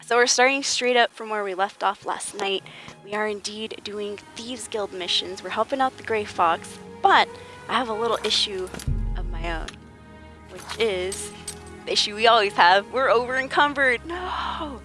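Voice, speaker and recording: A woman's voice: medium pitch, moderate pace, pushed and bright. A woman game streamer chatting casually with her viewers, greeting them by name and laughing often. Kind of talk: casual livestream chat. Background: game music.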